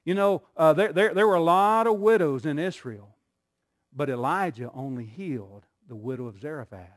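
High-voiced man preaching a sermon. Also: expressive, normal speed. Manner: preaching, building to shouted call-and-response. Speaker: pastor. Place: church before a congregation. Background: congregation.

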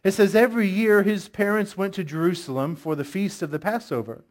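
A man's voice: high-pitched, fairly quick. A middle-aged male pastor giving a sermon, telling stories in a conversational way and asking the congregation questions.

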